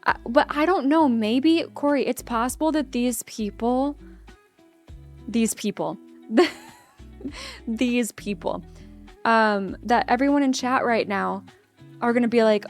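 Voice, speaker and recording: A young adult woman streams and chats casually with her live chat, rambling and cutting herself off mid-sentence. Her slightly high voice has lively intonation, a somewhat slow pace, and vocal fry, with faint guitar music playing behind her.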